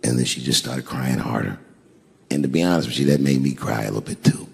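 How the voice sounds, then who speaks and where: A middle-aged man telling a stand-up story, swinging between hushed asides and loud outbursts. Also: very deep voice, fast, vocal fry, breathy edge. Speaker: stand-up comedian. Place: large theater stage. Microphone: stage microphone. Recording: reverberant live theater recording.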